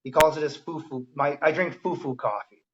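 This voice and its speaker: A man's voice: on the high side, fairly quick, fairly bright tone, slight background noise. A man, a firefighter guest on a podcast, telling stories in a casual, enthusiastic way. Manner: enthusiastic storyteller, many ums and restarts. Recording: dull lo-fi audio.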